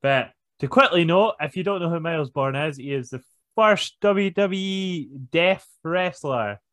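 A man co-hosting a podcast, recapping matches in a casual, unhurried way with lots of fillers. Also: fairly high pitch, fairly bright tone. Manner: unhurried, hesitant with many fillers. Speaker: podcast co-host. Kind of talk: casual chat recapping wrestling.

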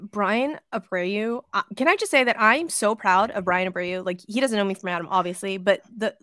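A woman co-hosting a casual sports podcast, excitable and gushing, swearing freely. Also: medium pitch, quick pace, no room sound, studio quality. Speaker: podcast co-host.

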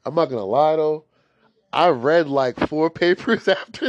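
A man's voice: fairly high pitch, a little slow, dry recording. A young man telling a story in a casual, rambling way, swearing often and leaning on filler words. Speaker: storyteller host. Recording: dry, slightly dull lo-fi recording.

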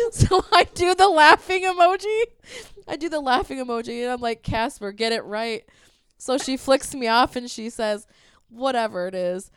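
A woman's voice: high-pitched, moderate pace, clear, resonant tone, no echo. A woman telling a long, profanity-laced story in casual chat, laughing often as she recounts a text exchange.

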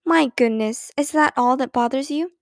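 A woman's voice: high-pitched, normal speed, dry recording, studio quality. A woman voicing a sensible, good-humored mother in a storybook reading. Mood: fond.

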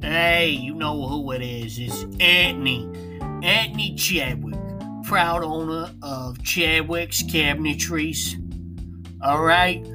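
A man voicing a brash, pushy male cabinet shop owner in a mock radio commercial, drawn-out and gruff. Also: on the high side, over music. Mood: brash boasting.

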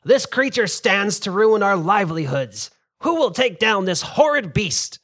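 A man voicing a desperate male fishing village leader, loudly pleading with a crowd. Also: high voice, very animated, a little slow, voice pushed up, heavily acted. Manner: loud pleading call to a crowd.

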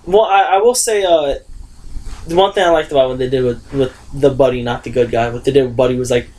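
A man co-hosting a casual podcast, arguing about movies loudly and with plenty of swearing. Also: medium pitch, fast talker. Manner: loud, profane, animated arguing. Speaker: podcast co-host. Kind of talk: casual chat.

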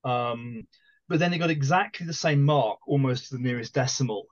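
A man's voice: mid-range voice, normal speed, no room sound. Hesitant man, dry dull-sounding mic. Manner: hesitant, many fillers and restarts. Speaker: podcast co-host. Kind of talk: casual book discussion.

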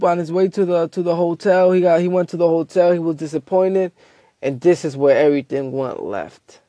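A man with a fairly high but mellow voice spins a comedic tale, cutting himself off and jumping into other people's voices. The sound is dry and close, with no room around it. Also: moderate pace, no echo. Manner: animated, acts out quotes, self-interrupting. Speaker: host. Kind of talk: casual comedic storytelling rant.

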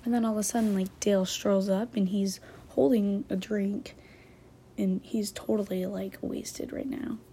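Chatty woman with a gravelly voice. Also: medium pitch, level tone, normal speed, mellow, a little hiss or hum. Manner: chatty, filler-heavy, says "like" constantly. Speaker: book talk host. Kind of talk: casual plot retelling.

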